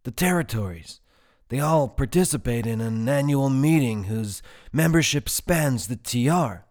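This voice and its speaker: A man voicing an awkward young man who bursts out loudly and eagerly, then turns sheepish. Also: expressive, lightly acted. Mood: excited. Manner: high, loud and rushed with enthusiasm.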